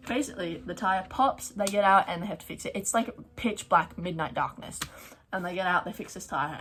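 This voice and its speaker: A young woman chatting excitedly about her month of reading on her book vlog, with lots of fillers. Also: on the low side, moderate pace. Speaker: book vlogger. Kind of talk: casual reading wrap-up chat. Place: at home, neighbour's garden noise outside.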